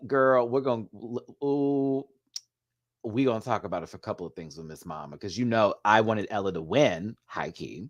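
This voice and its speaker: A man giving a sassy, animated live video review of a drag competition show, laughing often as he talks. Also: on the low side, normal speed, vocal fry, no echo, clean studio sound.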